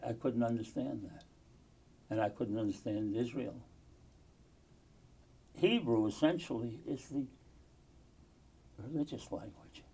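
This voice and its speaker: An older man from the United States speaking in an oral history interview, earnest and halting, with pauses and restarts. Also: medium pitch, dark tone, slightly rough.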